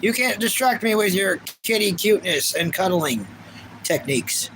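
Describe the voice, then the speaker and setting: Over some background noise, a thirty-something man livestreams in a high-sitting, animated voice at a moderate pace. His talk is chatty and rambling as he reads viewer comments, with frequent restarts.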